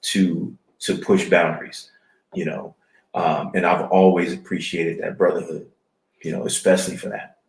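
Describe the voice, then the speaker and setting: A man in his forties co-hosting a podcast, talking in a halting, reflective way with many restarts. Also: low-pitched, flat delivery, gravelly, echoey room, low-quality recording. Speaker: podcast co-host. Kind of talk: casual chat. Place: studio.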